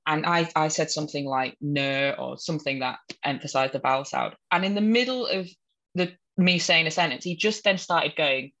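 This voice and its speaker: A woman with a Hull accent in casual chat, blunt and quick to swear, laughing often. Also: low voice, a bit bright. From Hull, England.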